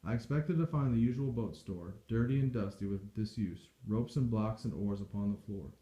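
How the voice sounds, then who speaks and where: A man reading a novel aloud in steady, measured storytelling. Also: fairly low pitch. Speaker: audiobook reader. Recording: dull echoey home recording.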